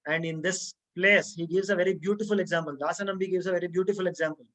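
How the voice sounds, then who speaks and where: A man giving a religious discourse as a story, unhurried, with frequent restarts and rhetorical questions to young listeners. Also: sits high, fairly even intonation, pushed and bright, low-quality recording. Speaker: religious teacher.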